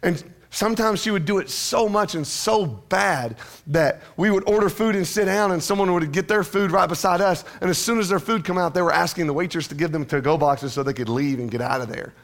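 A man's voice: sits high, brisk. A male pastor preaching a sermon in a church, with a conversational manner and joking asides to the congregation.

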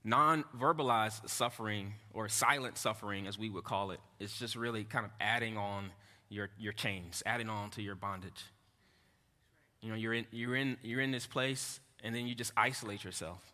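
Earnest male pastor with a bright voice. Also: on the low side. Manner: earnest, halting, with repeated restarts and asides to the congregation. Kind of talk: sermon. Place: church hall. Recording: echoey hall.

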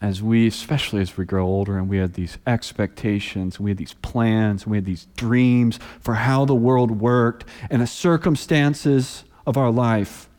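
This sermon comes from a pastor in his thirties whose voice is mid-range and whose words echo with a big-room sound. He tells stories, acting out the people in them and using animated voices for quotes.

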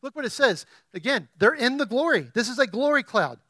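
A man preaching a sermon as pastor, asking the congregation questions and rising to loud, emphatic peaks. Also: extremely high pitch, big pitch swings, a little fast, dry recording, studio quality.

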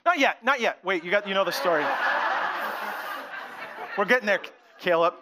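A man telling a Bible story to children in an animated, playful way, talking directly to the kids. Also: high voice, normal speed, very noisy. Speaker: children's pastor. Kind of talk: sermon for children.

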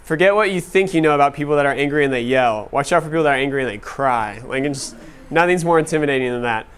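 Male teacher, thirties, relaxed storyteller, filler-heavy casual delivery, resonant clear tone, mid pitch. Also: quick pace. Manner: casual, many "like" fillers, laughing at own stories. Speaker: class teacher. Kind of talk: storytelling talk to a class.

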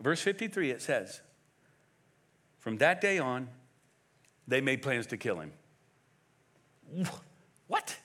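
A man preaching a sermon as pastor, emphatic and animated, firing off rhetorical questions. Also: medium pitch, measured pace, pauses often.

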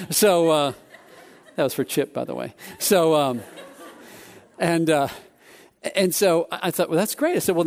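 A man preaching a sermon, telling a personal story in an animated way with many restarts. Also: a little high.

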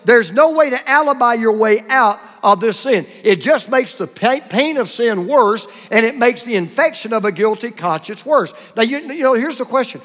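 A man's voice: high voice, a bit bright, long reverb tail. A man preaching a sermon as pastor, emphatic and driving his points home with short repeated contrasts.

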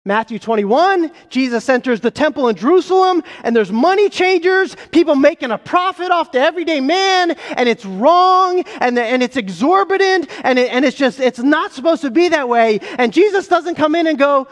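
A man preaching a sermon as pastor, emphatic, asking rhetorical questions and slowing down on key phrases. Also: very high voice, expressive. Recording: long reverb of a large hall.

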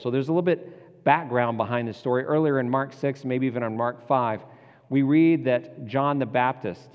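A man giving a reflective, conversational sermon as a pastor. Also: medium pitch. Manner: reflective, conversational, with self-corrections. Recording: dull sound with long hall reverb.

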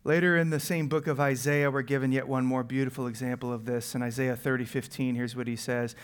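A man preaching a conversational sermon, dropping to hushed near-whispers and rising to urgent bursts, often tagging lines with "right?". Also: medium pitch, flat delivery, fairly quick, few pauses, clear, resonant tone. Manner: conversational preaching with frequent "right?" and "you know". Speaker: pastor.

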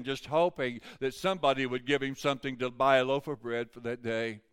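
An older male pastor tells a story from the pulpit in a folksy, conversational way. His voice is smooth and resonant, sitting at an ordinary middle pitch for a man. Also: moderate pace, fairly bright tone. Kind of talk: storytelling sermon.

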